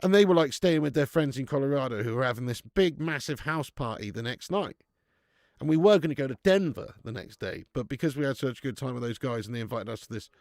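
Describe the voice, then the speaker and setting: Man, young adult, gravelly, dry close sound, sweary, excitable football commentary. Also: on the high side, dry recording. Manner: sweary, excitable, chatty with viewers. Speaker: football watch-along streamer. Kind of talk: live match commentary and casual chat.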